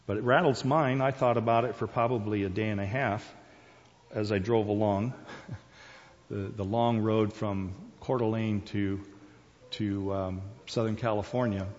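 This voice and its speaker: A man's voice: on the low side, darkish tone. An older man giving a folksy, chatty Bible teaching, chuckling often. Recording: dull sound with long hall reverb.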